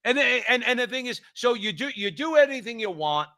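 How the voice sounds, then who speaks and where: A man's voice: very high voice, big pitch swings, moderate pace, sharp tone, no room sound, studio quality. A man co-hosting a political talk show, heated and emphatic, often repeating himself as he builds his point. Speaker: co-host.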